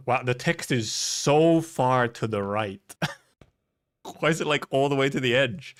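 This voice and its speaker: A man's voice: mid-range voice, animated, takes it slowly, a bit bright. A man streaming a live read-through of a game story, reading the lines plainly and breaking off for wry, chatty asides. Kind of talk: casual live reading with commentary.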